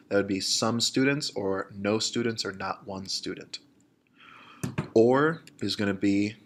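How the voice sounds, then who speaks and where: Low-voiced man teaching a grammar lesson. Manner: steady explanatory pace, slows to spell out examples. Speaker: Spanish teacher.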